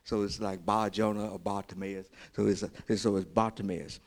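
A man preaching a sermon as pastor, repeating short exhortations and building into loud, excited storytelling. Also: lowish voice, moderate pace. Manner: emphatic, repeats key phrases as exhortation.

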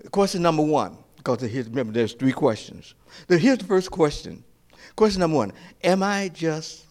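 A male pastor preaching a sermon. He asks his listeners questions and answers them himself, hesitating and restarting in quieter stretches and rising to emphatic peaks. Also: medium pitch.

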